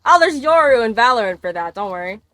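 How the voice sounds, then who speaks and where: A woman's voice: fairly high pitch, big pitch swings, fast, fairly bright tone. A young woman streaming a game, chatting casually, swearing, laughing and exclaiming as she plays.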